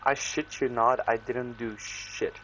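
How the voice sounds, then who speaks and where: A man's voice: mid-range voice, fairly even intonation, a bit bright, a little hiss or hum, low-quality recording. A young man telling a casual story, rambling, with slang and many restarts, briefly acting out the voices in it. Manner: acts out his own and others' lines in quick bursts.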